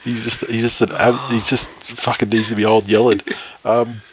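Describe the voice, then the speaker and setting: A man's voice: mid-range voice, flat delivery, normal speed, crowd noise, poor audio. A man with an Australian accent co-hosting a casual podcast, reading listener tweets aloud, swearing freely and laughing often. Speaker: podcast co-host.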